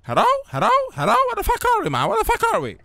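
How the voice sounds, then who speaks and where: A pushy, crude cabbie in a game role-play, with a very high voice that leaps all over the place. He swears in every line, fires off words quickly and keeps prodding with a nasal-sounding "hmm?". The sound is close and dry, with no room around it. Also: wildly swooping pitch, vocal fry, bright, forceful tone, no echo, exaggerated voice. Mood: irritated. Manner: crude, swears constantly, tags lines with "man" and "hmm?". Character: brash foul-mouthed male taxi driver, pushy flirt. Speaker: streamer playing a taxi driver.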